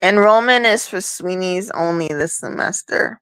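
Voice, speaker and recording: A woman's voice: on the low side, a little slow, a bit bright, clear, resonant tone. Woman co-host with a teasing, wry delivery in casual banter. The sound is dry, with no room echo. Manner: teasing, wry, prodding questions. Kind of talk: casual chat.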